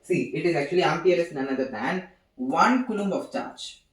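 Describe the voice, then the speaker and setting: A young man explains physics in a fairly high voice, pausing and repeating himself as he works through each point. He sounds set back from the microphone, and the classroom echoes around him. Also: lively intonation, far from the mic. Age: young adult. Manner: halting, repeats phrases while writing on a board. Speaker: student giving a physics seminar. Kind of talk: informal physics lesson. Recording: echoey room, voice from off-mic.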